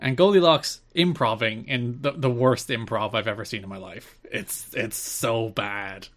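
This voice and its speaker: A man's voice: medium pitch, a little slow, fairly bright tone. Man recapping on a podcast, medium voice. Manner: dry, recounting with laughs. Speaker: podcast co-host. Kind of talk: casual wrestling podcast chat.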